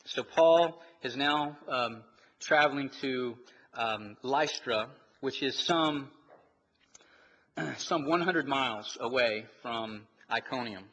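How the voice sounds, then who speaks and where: A man's voice: medium pitch, slow pace, fairly bright tone, husky, highs cut off. A man preaching a sermon in a church, reading scripture and explaining it with many restarts and fillers. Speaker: pastor. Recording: long reverb, faint noise.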